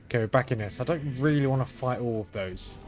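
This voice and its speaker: A man hosting a let's-play, talking through his game in a flat, understated way as he thinks aloud. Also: medium pitch, fast talker, faint music behind. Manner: monotone, understated delivery; thinking aloud while playing. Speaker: gaming channel host.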